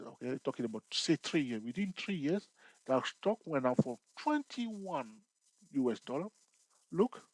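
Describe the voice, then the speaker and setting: A man's voice: on the high side, dry recording, rough recording. Dry-voiced male trading tutor checking in. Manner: checks in often with "okay?" and "all right?"; loose phrasing with frequent restarts. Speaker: trading instructor. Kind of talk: explaining over a chart.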